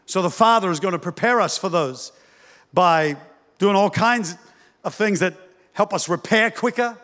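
A male pastor preaching a sermon in an animated, humorous way, acting out the voices of parents. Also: sits high, moderate pace, long reverb tail.

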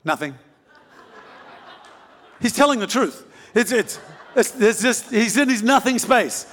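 Male preacher, high voice, animated sermon, long hall reverb. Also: normal speed. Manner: animated, repeating phrases, rising to shouts.

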